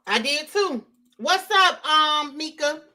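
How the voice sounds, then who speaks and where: A woman hosting a casual live-stream, talking straight to her chat in an animated way and repeating her points for emphasis. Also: high-pitched, takes it slowly. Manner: animated, repeats herself, addresses chat directly. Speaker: livestream host.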